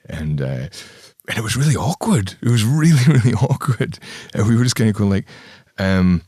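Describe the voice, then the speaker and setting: A man with a deep, low voice tells an animated anecdote in an interview, slipping into quick impressions. The recording is dry and close, with no room sound. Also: no room sound. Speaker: band member. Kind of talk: storytelling interview.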